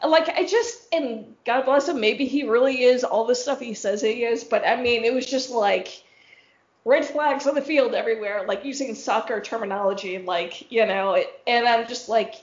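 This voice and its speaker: A woman's voice: a little high, moderate pace, dull audio. A woman hosting a podcast, telling a story in a casual, rambling way with plenty of fillers and frank swearing. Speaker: podcast host.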